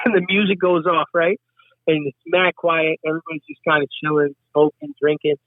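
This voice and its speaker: This guest is a middle-aged hip hop artist from Westchester, New York, spinning casual stories full of profanity and lively impressions of other people's words. He speaks briskly in a voice on the high side. There's no room sound, just a dry, thin, phone-like tone.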